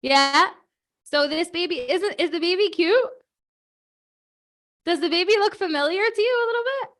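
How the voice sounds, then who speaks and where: Woman in her thirties, high bright voice, chatty kids' host, animated, lots of fillers. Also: moderate pace. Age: 30s. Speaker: host of a children's prayer program. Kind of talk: lively talk to kids on a video call.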